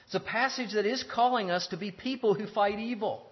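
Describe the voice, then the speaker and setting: A man giving a measured theology lecture, explaining step by step with pauses and restarts. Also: sits high. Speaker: teacher. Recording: dull lo-fi sound with long hall reverb.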